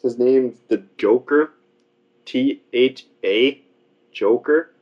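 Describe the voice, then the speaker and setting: A podcast co-host with a mid-range voice and slow pace trades crude, joking banter, swearing freely. He's profane and playful, acting out voices when he quotes people. The sound is dull and lo-fi.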